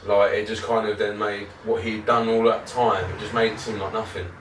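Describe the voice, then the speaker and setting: A man's voice: on the low side, level tone, a little fast, a bit bright. A man co-hosting a podcast, telling rambling, sweary stories in casual chat and laughing often. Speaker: podcast co-host. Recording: roomy, distant mic with faint noise.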